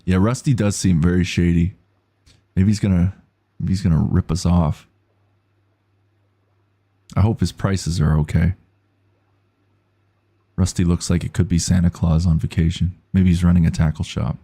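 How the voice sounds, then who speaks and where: A man's voice: deep voice, fairly even intonation, moderate pace, long pauses, mellow, husky. A man streaming a game live, chatting casually and reading out viewer messages. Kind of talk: casual gaming commentary.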